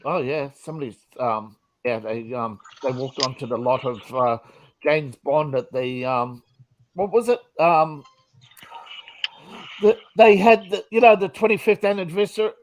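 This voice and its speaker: A man's voice: a little high, a little slow, low-quality recording. A man co-hosting a casual podcast chat, joking and hesitating with many ums. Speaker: podcast co-host.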